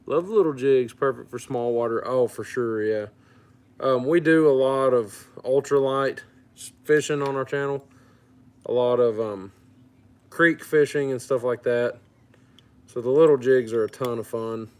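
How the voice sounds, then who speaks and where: A man from Louisiana hosting a fishing livestream, relaxed as he reads out and answers viewer comments. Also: medium pitch, a little slow, clean tone. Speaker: fishing channel host. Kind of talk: casual livestream chat.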